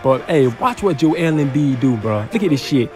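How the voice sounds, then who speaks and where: A young man giving casual, excitable gameplay commentary, trash-talking and breaking into loud yells. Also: medium pitch, moderate pace, faint music behind. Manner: excitable trash talk, bursts into yelling. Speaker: gaming YouTuber.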